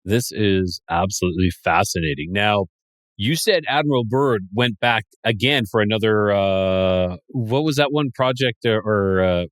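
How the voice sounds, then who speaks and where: Low-voiced male podcast host. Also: animated, measured pace, no room sound. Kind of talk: interview chat.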